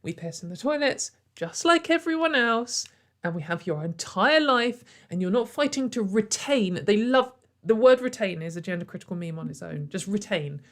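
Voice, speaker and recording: A woman's voice: medium pitch, animated, moderate pace. A woman giving sarcastic, exasperated commentary and laughing often. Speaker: online commentator. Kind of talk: ranting commentary video.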